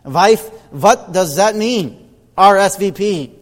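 A man voicing a bewildered immigrant husband with a thick accent, loud and slow, in a reverberant hall. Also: high-pitched, lively intonation, voice pushed up. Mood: puzzled.

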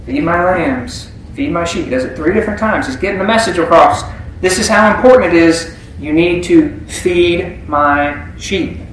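A man's voice: on the high side, moderate pace, a bit bright, recorded from a distance, slight background noise. A man preaching a sermon in a conversational way, often asking the congregation questions. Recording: very echoey room.

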